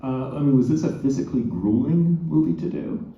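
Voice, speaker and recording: Male moderator at a theater talkback, measured questions, mellow tone, very echoey. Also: mid-range voice, animated. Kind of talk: live stage interview. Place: theater auditorium. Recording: echoey, dull theater audio.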